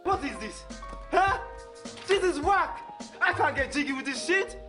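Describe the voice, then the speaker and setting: Squeaky outraged young man, acted, comic clip. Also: lively intonation, measured pace, music in the background.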